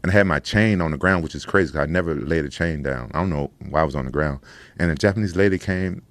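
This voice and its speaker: Man with a very deep voice. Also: fast, no echo. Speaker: guest fighter. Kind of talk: storytelling.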